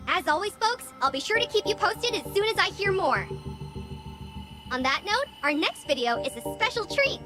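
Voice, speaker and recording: A woman's voice: extremely high pitch, sing-song, normal speed. A woman voicing a hyper, upbeat young VTuber streamer in a video game, with music playing behind her. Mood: hyped. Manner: peppy, exaggerated streamer hype.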